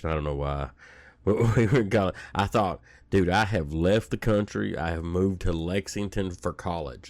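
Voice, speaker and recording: A deep-voiced man in his forties rants on his own podcast, blunt and profane. His tone is heated and plainspoken. The recording is dry and close, with no room echo. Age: 40s. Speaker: podcast host. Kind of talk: casual rant.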